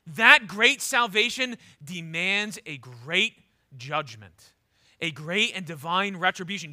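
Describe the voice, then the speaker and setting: A man preaching a sermon with a high, very bright and forceful voice. He swings from loud declarations down to low, intense lines, and he often stumbles over repeated words as he starts a new thought. His delivery carries through a church service. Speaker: pastor.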